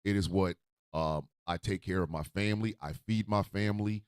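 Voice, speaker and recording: A man hosting a radio show, ranting in a profane, fiery way and often shouting. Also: deep voice, normal speed, smooth, dry recording, clean studio sound.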